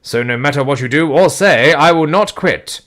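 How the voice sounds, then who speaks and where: A man's voice: a little high, moderate pace, fairly bright tone, close to an everyday voice. A man voicing an indignant young man on a love quest, talking emphatically and defensively.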